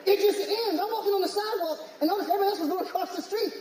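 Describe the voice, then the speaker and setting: A man from the United States doing stand-up comedy, ranting in an animated, exclaiming way. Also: extremely high pitch, rapid-fire, some chatter behind. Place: comedy club stage. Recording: echoey hall with live audience.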